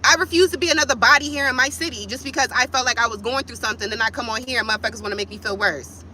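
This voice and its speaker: Bright-voiced woman ranting on her live, blunt and cussing, faint hum behind her. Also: on the high side, racing, poor audio. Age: adult with kids. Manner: blunt, profane, fired up, talks straight to viewers. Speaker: vlogger on a livestream. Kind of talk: heated livestream vent.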